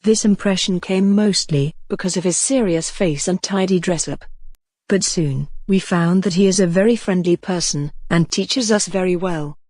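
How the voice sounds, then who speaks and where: A speaker reading a scripted sample long answer as an exam candidate, in a steady, even recitation. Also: medium pitch, no room sound.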